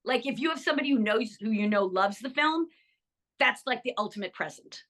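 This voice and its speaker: A woman's voice: on the high side, a little fast. An older woman, an actress, chatting enthusiastically about her career in an interview, with many ums and restarts. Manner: enthusiastic, animated, lots of fillers. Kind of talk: casual interview chat.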